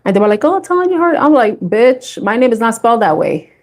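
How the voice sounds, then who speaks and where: A woman talks straight to her viewers as a tarot reader, telling stories in a loose, chatty way. She laughs often and swears freely. Her voice sits fairly high. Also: a little fast. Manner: animated storytelling. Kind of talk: casual chat to viewers.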